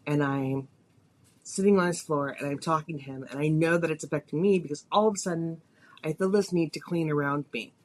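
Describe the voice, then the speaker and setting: A woman hosting a podcast, telling a personal story in a confessional, emotional way, her voice rising and falling with feeling. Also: sits low. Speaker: podcast host.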